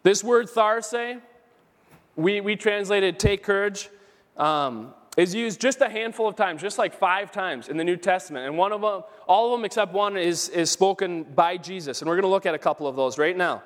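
High-voiced preaching man in a reverberant hall. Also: moderate pace. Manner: earnest, emphatic preaching with repeated phrases. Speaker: pastor. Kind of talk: sermon. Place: church sanctuary.

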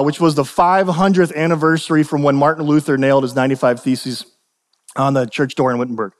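Young male pastor, slightly high voice, loose conversational sermon delivery, long church-hall reverb. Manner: conversational, repeats and restarts, asks "right?".

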